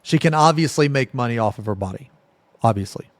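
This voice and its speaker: A man's voice: medium pitch, animated, brisk, dry recording. A man streaming, giving blunt, profane, heated reaction commentary in casual talk.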